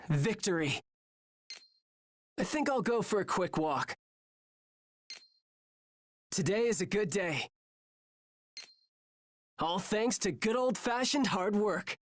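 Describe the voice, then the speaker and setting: An upbeat young soldier girl. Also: mid-range voice. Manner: cheerful, encouraging to teammates. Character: upbeat young female monster-hunting soldier. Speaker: game character voice. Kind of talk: game battle voice lines.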